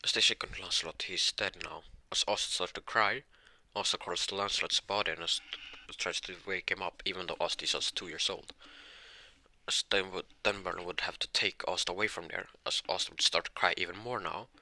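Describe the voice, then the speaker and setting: A man narrating an improvised fan-fiction story, halting with many restarts and self-corrections. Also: sits low, fairly even intonation, pushed and bright, dry recording.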